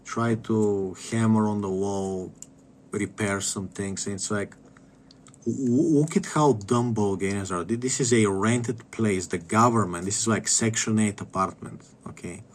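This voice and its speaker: A man streaming a game, rambling in a profane, contemptuous rant that keeps trailing off into low mutters. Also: measured pace, a little hiss or hum. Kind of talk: casual rant while gaming.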